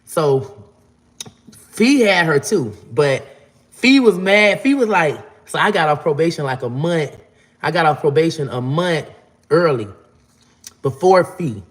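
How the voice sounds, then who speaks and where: A man's voice: fairly high pitch, lively intonation, measured pace, pauses often. A man, casually telling a long, profane story. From Florida. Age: 40s. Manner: profane, rambling, acts out quotes in a raised voice. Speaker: vlogger.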